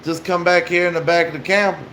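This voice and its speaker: A man voicing a soft-spoken stranger who keeps coaxing teenagers into his camper. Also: a little high, fairly even intonation, fast, a little hiss or hum, pitched above the performer's own voice, rough recording. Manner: wheedling, persistent.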